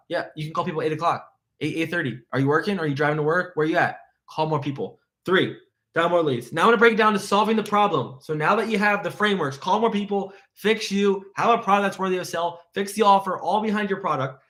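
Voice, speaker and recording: A man coaching insurance sales on a live stream, talking fast and excitedly, piling up rhetorical questions and repeating points. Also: high voice. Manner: energetic, motivational, fast and excited.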